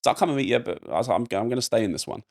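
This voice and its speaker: Fast-talking gravelly young man. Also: mid-range voice. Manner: rambling, animated storytelling with many fillers. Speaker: podcast guest. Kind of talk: casual storytelling.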